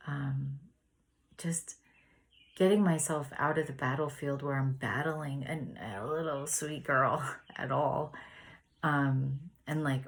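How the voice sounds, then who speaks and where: A woman in her thirties leading a spiritual study, chatting in a gentle, meandering way and laughing often. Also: extremely low pitch. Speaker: spiritual study group leader. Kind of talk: casual reflective sharing and reading aloud.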